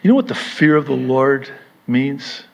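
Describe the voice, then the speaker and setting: A man's voice: medium pitch, sing-song, unhurried, creaky, darkish tone. A man preaching a sermon as pastor, emphatic, with rising bursts of intensity and wry humor.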